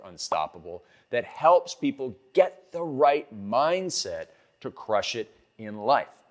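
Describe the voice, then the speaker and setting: A middle-aged man, a success coach, giving a motivational talk with emphatic, punchy repetition. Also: mid-range voice.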